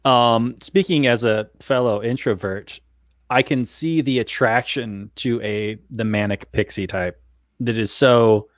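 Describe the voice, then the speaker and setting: A man taking part in a casual discussion, speaking in a measured, thoughtful way. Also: mid-range voice, no echo, studio quality. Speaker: podcast panelist.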